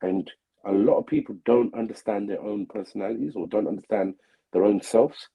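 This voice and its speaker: A man's voice: fairly quick, gravelly, slightly rough, highs cut off. A man hosting a live stream, chatting casually and rambling with many fillers. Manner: rambling, filler-heavy, mimics relatives in a loud high voice.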